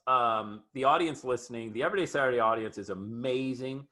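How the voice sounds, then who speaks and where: Hyped, bright-voiced male podcast host. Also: medium pitch, a little fast. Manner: hyped, enthusiastic, emphatic. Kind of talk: energetic interview chat.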